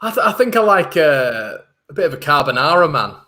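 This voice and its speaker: Young male host, bright tone, chatty and upbeat. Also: a little high, very animated, brisk. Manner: chatty and upbeat, tripping over restarts. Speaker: host of a football fan channel. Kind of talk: casual chat, reading viewer comments.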